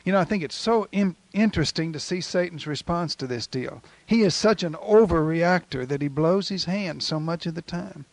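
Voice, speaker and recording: A man preaching a sermon in a folksy, animated storytelling manner, retelling scripture with acted quotes. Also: fairly high pitch, moderate pace, hardly any pauses, no echo.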